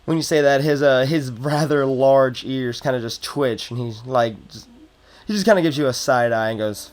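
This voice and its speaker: A man narrating as game master of a tabletop game, in a relaxed, rambling way. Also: medium pitch, normal speed.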